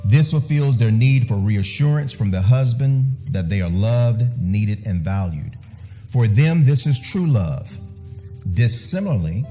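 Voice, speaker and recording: A male pastor delivering a sermon with emphasis, driving points home by repeating words. His voice has a mellow, warm tone. Soft music plays faintly behind him. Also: mid-range voice, lively intonation, a little slow. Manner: emphatic, repeats phrases for stress.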